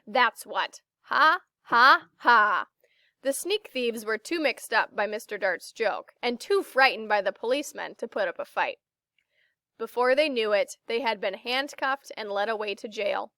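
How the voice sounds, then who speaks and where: A woman reading a children's book aloud, slow and expressive as she narrates. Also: fairly high pitch, no room sound, studio quality.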